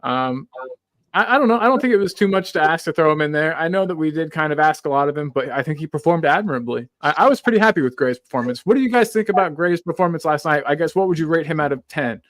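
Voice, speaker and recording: A man with a Midwestern American accent hosts a casual football podcast, chatting and reading viewer comments aloud. His voice sits a bit high, with dry sound. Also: expressive, quick pace, a bit bright, dry recording. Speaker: podcast host.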